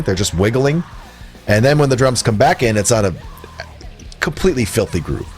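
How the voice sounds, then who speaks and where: A man in casual podcast chat, rambling through a record review with jokes and bursts of laughter. His voice sits at an ordinary middle pitch, and faint music plays underneath. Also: brisk. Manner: rambling, jokey and animated, laughing at his own lines.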